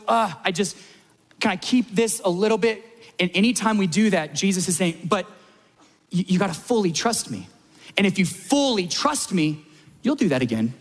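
A man's voice: fairly high pitch, in a large hall. A man preaching a sermon as pastor at a church service, emphatic, repeating lines and building to peaks.

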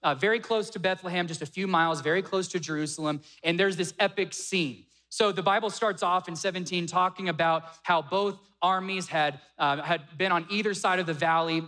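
A young man preaching a sermon, retelling a story with animated acted-out dialogue. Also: high-pitched. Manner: animated, acts out quoted dialogue. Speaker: pastor.

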